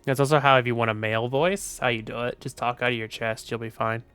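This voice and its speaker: A man's voice: medium pitch, steady tone, fast talker, a bit bright, clear, resonant tone, no echo. A tired, sleepy man chatting casually on a live stream, rambling and offhand with the odd swear. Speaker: VTuber streamer.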